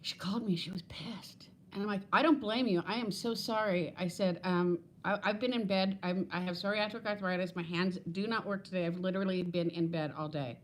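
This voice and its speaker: A woman's voice: fairly low pitch, fairly even intonation, fairly quick, few pauses. A woman in her fifties hosting a casual livestream from home on her phone, chatting in a rambling way, laughing often and greeting viewers by name. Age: 50s. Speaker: livestream host.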